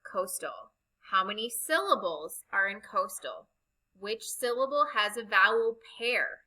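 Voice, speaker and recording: A woman teaching a recorded reading lesson, speaking slowly and deliberately as she spells out vowel sounds. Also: mid-range voice, lively intonation, sharp tone, low-quality recording.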